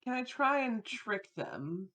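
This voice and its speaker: A woman's voice: a little high, sing-song, takes it slowly, fairly bright tone. A woman playing in a tabletop role-playing game, chatting casually with many fillers. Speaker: player.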